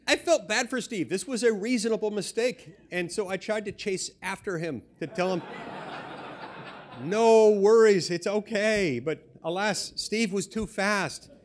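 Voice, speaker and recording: A man's voice: high voice, normal speed, hardly any pauses. Man telling a dry, self-mocking story. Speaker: senator giving a speech. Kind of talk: humorous anecdotal speech.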